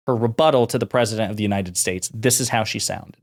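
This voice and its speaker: A man's voice: lowish voice, a little fast. Chatty sarcastic man commenting on politics. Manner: chatty, sarcastic, with frequent fillers.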